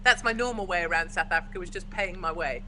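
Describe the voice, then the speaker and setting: A woman's voice: fairly low pitch, fast, sharp tone, slight background noise, low-quality recording. A forthright, opinionated English woman from the UK, chatting as a guest in a casual video-call conversation. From United Kingdom.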